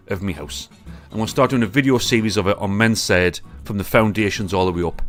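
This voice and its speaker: A podcast host from Northern England, with a Northern English accent, runs a casual live chat with friends. His voice is lowish and a bit bright, and he chats loosely with plenty of swearing.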